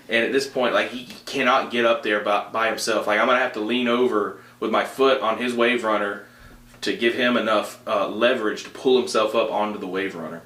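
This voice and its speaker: A man's voice: on the low side, fairly quick, echoey room. Young man telling stories animatedly. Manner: animated, laughs often, frequent fillers. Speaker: podcast host. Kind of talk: casual storytelling.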